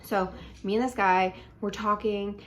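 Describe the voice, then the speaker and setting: A young woman casually telling a dating story at home in a chatty, animated way, full of likes and ums. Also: medium pitch, measured pace, a little hiss or hum. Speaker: vlogger.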